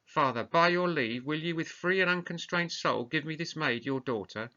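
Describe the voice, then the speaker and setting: A bitter young nobleman heaping scorn on his bride, read aloud by a man. The lines come as a plain classroom reading rather than full acting, in a bright, forward tone. The recording is muffled and lo-fi. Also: fairly high pitch, normal speed, voice pushed up. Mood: accusing. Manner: read aloud from a play script, lightly dramatised.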